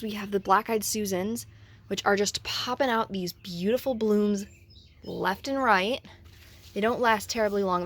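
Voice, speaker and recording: A woman vlogger giving a casual, enthusiastic tour of her porch plants, gushing and swearing casually, recorded outdoors on a handheld camera. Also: mid-range voice. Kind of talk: casual garden tour vlog.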